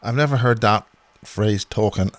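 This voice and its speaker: A man's voice: on the low side, moderate pace, no echo. Guy interviewing someone, joking around dryly, dead dry audio. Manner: wry, joking asides. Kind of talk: casual conversational interview.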